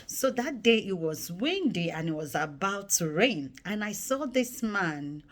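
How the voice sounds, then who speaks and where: Woman vlogging her own story, earnest, gets lively acting out memories, middle pitch. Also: a little slow. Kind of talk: personal storytelling vlog.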